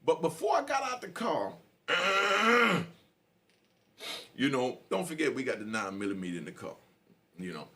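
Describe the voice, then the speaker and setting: A middle-aged man, a podcast host telling a street story in an animated, slangy way. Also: on the high side, measured pace, long pauses. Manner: animated, slangy, frequent "you know".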